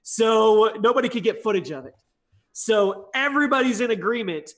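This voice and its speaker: A man guesting on a casual gaming podcast, telling stories in an animated way and swearing freely. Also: high-pitched, normal speed.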